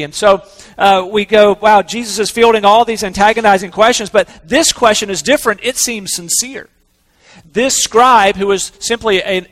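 A man preaching a sermon in an earnest, conversational way, slowing down to stress key words. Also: high voice, a bit bright, in a large hall. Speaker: pastor.

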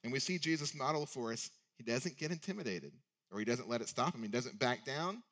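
A man's voice: mid-range voice, expressive, brisk, a bit bright. A male preacher giving a sermon in a conversational way, often asking rhetorical questions.

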